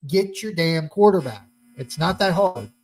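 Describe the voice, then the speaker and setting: A young man co-hosts a casual football podcast, slightly high in pitch. He talks in an animated, rambling way, full of restarts and fan excitement. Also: a little slow, a little hiss or hum. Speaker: podcast host. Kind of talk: casual sports chat.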